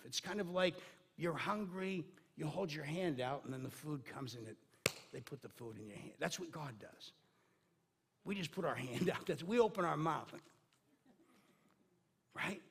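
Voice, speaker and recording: A man's voice: fairly high pitch, a bit bright, breathy edge. A man preaching a sermon in a conversational way, with many fillers and restarts. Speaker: pastor.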